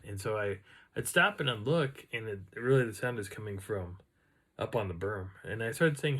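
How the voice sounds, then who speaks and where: A man casually recounting an outdoor encounter in a rambling, animated way, now and then imitating the sounds he heard. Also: lowish voice, normal speed, breathy edge. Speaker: outdoor storyteller. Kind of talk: casual first-person storytelling.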